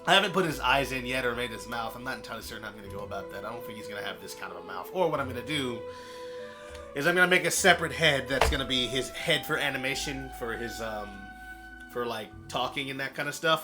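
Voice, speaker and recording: A man, a game artist, casually explaining his work step by step in a relaxed way. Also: medium pitch, fast, music in the background. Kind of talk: casual stream chat.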